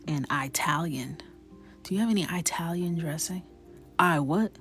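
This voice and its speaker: A woman's voice: low voice, normal speed, fairly bright tone, soft background music. A woman hosting a coloring livestream, chatting casually, laughing and reacting to viewers' comments. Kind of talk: casual chat while coloring.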